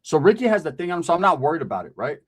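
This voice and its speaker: Animated man telling a street story. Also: on the high side, rapid-fire, husky. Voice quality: animated, swearing, slangy, asks "right?". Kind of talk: comic storytelling.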